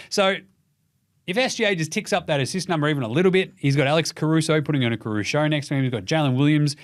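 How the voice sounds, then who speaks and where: Young aussie bloke, sweary and animated, bit of a higher voice, talking hoops casually. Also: male voice, fast talker, no echo, clean studio sound. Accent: Australian. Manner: profane, animated, mocking impressions. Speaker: podcast host. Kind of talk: casual sports commentary.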